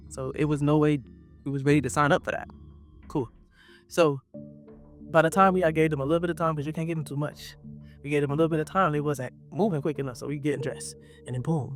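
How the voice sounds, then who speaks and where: A young man telling a story to his viewers in a casual, animated way, acting out what people said. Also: on the high side. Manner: animated, acts out quotes, talks straight to viewers. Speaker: vlogger.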